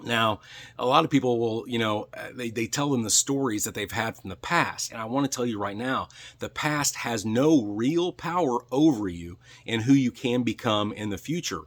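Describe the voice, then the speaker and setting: A man speaking straight to his viewers in a motivational vlog, earnest and a bit preachy. He keeps repeating phrases for emphasis and checks in with a quick "right?" as he talks from his truck. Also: medium pitch. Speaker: real estate coach.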